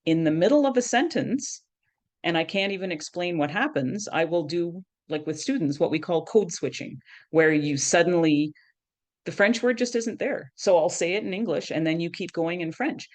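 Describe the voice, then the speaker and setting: A middle-aged woman with a notably low voice talks as a guest expert in a conversational podcast interview. She explains ideas patiently and keeps tagging her points with "right?". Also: lively intonation, normal speed. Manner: explanatory, frequently adds "right?". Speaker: guest education professor.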